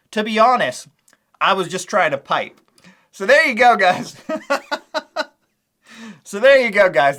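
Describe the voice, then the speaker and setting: A man's voice: on the high side, sharp tone. Sarcastic man talking over clips. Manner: mocking, sarcastic, laughs between points. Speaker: commentary channel host.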